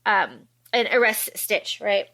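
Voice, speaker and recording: A woman co-hosting a podcast recaps a film animatedly in casual chat, acting out quotes in funny voices. She has a medium-pitched voice with vocal fry and speaks slowly.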